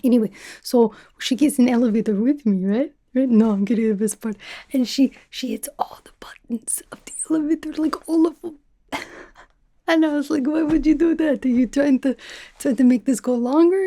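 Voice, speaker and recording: Whispered role-play of a brash female spy, as a woman puts her on, teasing and chatty that drops its articles. Her voice sits a little high yet mellow, and she rambles in soft, half-whispered asides. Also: a little fast. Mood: playful teasing. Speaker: ASMR creator.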